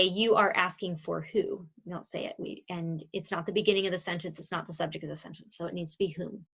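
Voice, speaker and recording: A woman's voice: medium pitch, creaky. A woman teaching a grammar lesson on video in a chatty way, stopping to correct her own slips. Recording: slightly dull lo-fi recording.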